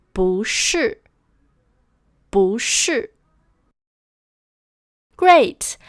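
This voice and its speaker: Slow, clear-voiced woman teaching a lesson. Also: medium pitch, no room sound, clean studio sound. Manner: slow, careful explaining with model phrases repeated. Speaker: language teacher. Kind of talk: scripted language lesson.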